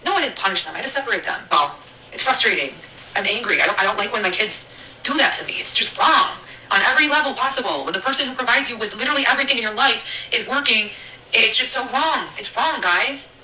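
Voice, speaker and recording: A woman's voice: on the high side, animated, fast talker, sharp tone. A woman streamer ranting angrily on a live stream, swearing and circling back to her complaints. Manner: angry, swearing, rambling. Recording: echoey room, mic at a distance, faint hiss.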